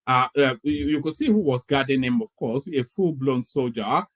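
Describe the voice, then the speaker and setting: A man's voice: mid-range voice, expressive, moderate pace, fairly bright tone. A man from Nigeria hosting a live show, commenting on clips he plays and often stammering and repeating words. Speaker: commentator host.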